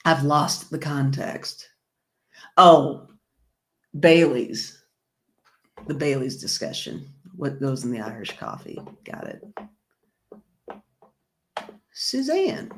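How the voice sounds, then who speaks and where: A woman hosting a casual livestream, reading viewer comments aloud and laughing along in a chatty way. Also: lowish voice. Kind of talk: casual live-stream chat.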